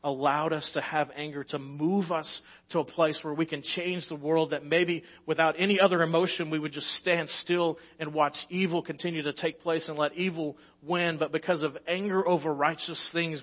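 A Texan man preaches a sermon in a fairly high voice, swinging between animated, quick storytelling and quieter earnest exhortation. The recording sounds a little dull and lo-fi. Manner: animated storytelling, rising loud and fast in anecdotes. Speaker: pastor.

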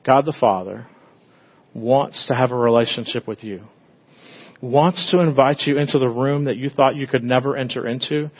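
A middle-aged man, a pastor, preaching a conversational sermon, swinging between loud bursts and hushed tender moments. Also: mid-range voice, moderate pace, husky, dull audio.

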